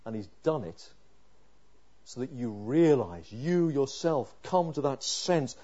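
A man preaching a sermon, reading scripture aloud and voicing the psalmist's prayers, moving from hushed pleading to loud, impassioned emphasis. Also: mid-range voice, animated, takes it slowly, muffled recording.

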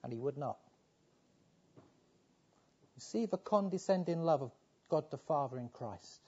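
Fervent preacher man, dark muffled tone. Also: animated, measured pace, breathy edge. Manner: pleading, rising to fervent appeals then dropping low. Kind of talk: sermon.

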